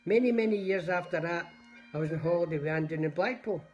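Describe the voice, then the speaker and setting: A man's voice: fairly high pitch, fast talker, a little mellow, dull audio, a little hiss or hum. An older man with a Scottish accent, casually telling rambling stories on a livestream and greeting his viewers by name. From Scotland. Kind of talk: casual storytelling to live viewers.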